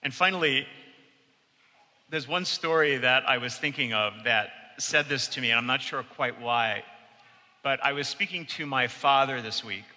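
A man's voice: medium pitch, moderate pace, sharp tone. A man from New delivering a sermon, telling a personal story in an earnest, storytelling manner. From United States. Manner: storytelling, earnest, quotes with raised voice. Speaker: preacher. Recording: long reverb of a large hall.

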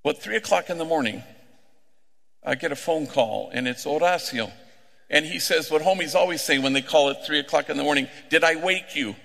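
A middle-aged man, a priest, preaching a sermon through unhurried, conversational stories, slipping in Spanish slang. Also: on the high side, vocal fry, fairly bright tone. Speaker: priest working with gang members. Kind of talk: sermon with storytelling. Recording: echoey hall with long reverb.

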